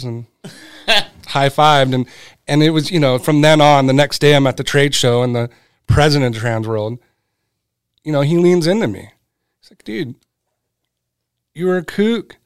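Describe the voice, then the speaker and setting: A man's voice: mid-range voice, normal speed, smooth, no room sound. A middle-aged man tells a story in a loose, chatty way. He jumps into the voices of the people he quotes, then drops back to his own mid-range voice. The recording is close and dry. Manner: animated, acts out quoted voices. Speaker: guest, brand cofounder. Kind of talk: casual storytelling.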